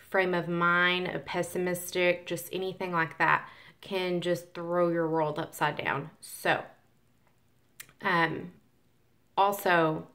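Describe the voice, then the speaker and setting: A woman's voice: on the low side, fairly bright tone. A woman vlogging casually about manifestation, rambling with many ums and restarts and acting out grumbling complaints. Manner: acts out grumbling quotes of tired workers. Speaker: spiritual vlogger. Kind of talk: casual talk to camera.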